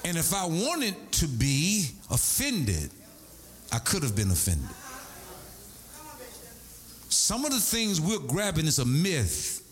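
A man's voice: fairly high pitch, huge pitch swings, slow pace, pauses often. A middle-aged man preaching a sermon, telling stories with sing-song swells and asides. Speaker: pastor.

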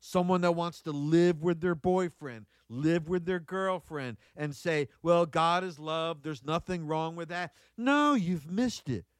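A man delivering a sermon in a somewhat high voice, recorded dry with little room sound. He moves between Bible reading and folksy, conversational asides with exclamations. He drives his points home by repeating key phrases. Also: a little slow, hardly any pauses, clear, resonant tone, dry recording. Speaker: preacher.

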